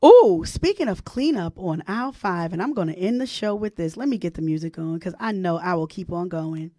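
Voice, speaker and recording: A woman hosting a radio show, chatting casually with her listeners, animated and laughing often. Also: lowish voice, a little fast. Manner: animated, laughs a lot, sings playful bits.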